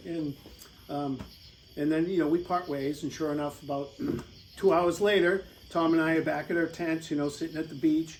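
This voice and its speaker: A man's voice: a little high, steady tone, moderate pace, slight background noise, poor audio. A middle-aged American man telling a rambling, casual travel story over slides, with lots of fillers and laughs. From United States.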